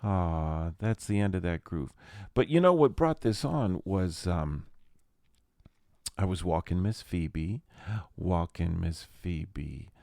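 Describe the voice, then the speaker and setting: A man's voice: deep voice, animated, takes it slowly, mellow, dry recording, clean studio sound. A man hosting a podcast, rambling through a casual comic monologue full of jokey, self-mocking asides. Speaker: podcast host.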